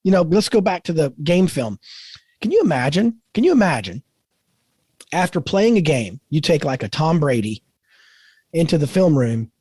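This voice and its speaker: Husky-voiced earnest man. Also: fairly high pitch, normal speed, pauses often, no room sound. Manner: earnest, animated storytelling with quoted voices. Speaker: podcast co-host. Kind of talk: casual faith-based podcast talk.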